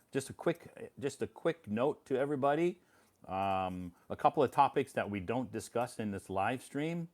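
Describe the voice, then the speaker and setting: Relaxed American man, lowish voice. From United States. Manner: relaxed and encouraging, repeats phrases, reads out viewer comments. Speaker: English teacher hosting a live stream. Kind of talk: casual live-stream chat.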